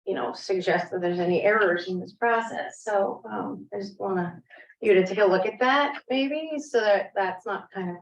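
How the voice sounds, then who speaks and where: A woman, vice chair of a city board, speaking candidly and a little rambling. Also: medium pitch. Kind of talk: public meeting discussion. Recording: roomy, dull, distant mic.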